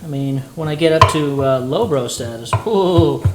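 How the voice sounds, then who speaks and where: A playful, chatty man talks to his stream viewers while he cooks at home. His voice bounces around a roomy kitchen, and a sizzling pan is clearly heard behind him. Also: a little high, expressive, normal speed, heavy background noise. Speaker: livestreamer cooking dinner. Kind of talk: casual livestream chat while cooking.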